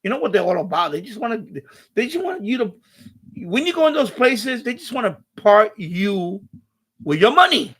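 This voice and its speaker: Guy on a live stream telling a story, high voice, swears a lot and keeps laughing. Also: normal speed, long pauses. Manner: animated, swears often, laughs through the story. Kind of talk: casual storytelling chat.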